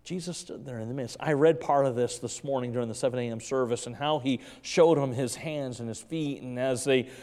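A male pastor preaching a sermon in a church, excitable and quick, stumbling and repeating words as his enthusiasm runs ahead. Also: mid-range voice. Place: church sanctuary. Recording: long reverb of a large church hall.

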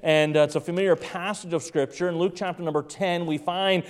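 A man preaching an evening sermon in a church, emphatic and repetitive, dropping to soft tones at times. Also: on the high side, fairly even intonation, brisk, clean tone. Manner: emphatic, repeats key phrases, drops to soft tones. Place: church sanctuary. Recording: long reverb of a large room.

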